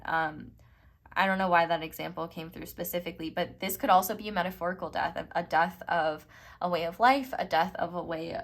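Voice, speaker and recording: Chatty young woman reading tarot. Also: lowish voice. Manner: chatty, rambling, lots of fillers. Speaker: tarot reader. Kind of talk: casual tarot reading to camera.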